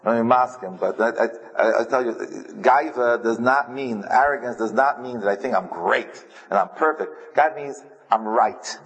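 A man's voice: medium pitch, moderate pace, hardly any pauses, a bit bright, husky. A man preaching in an easygoing, rambling way, stopping to search for words and slipping in dry humor. He has a mid-range voice, and a long reverb from the hall hangs behind him. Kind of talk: sermon with storytelling.

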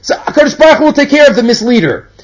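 High-voiced man teaching a Torah class. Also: big pitch swings, racing, low-quality recording. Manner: conversational, mixes Hebrew quotes into English, acts out characters.

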